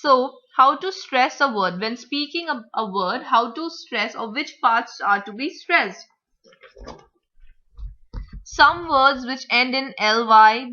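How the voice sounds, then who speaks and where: A woman teacher explaining vocabulary, word stress and grammar, repeating example words slowly to model the stress. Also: fairly high pitch, pushed and bright. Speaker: English teacher. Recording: dull lo-fi recording.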